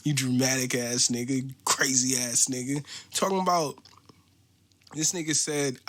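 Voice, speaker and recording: A man's voice: a little high, animated, normal speed, fairly bright tone. An American man hosting a podcast, ranting in a casual, profane, mocking way. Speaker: podcast host.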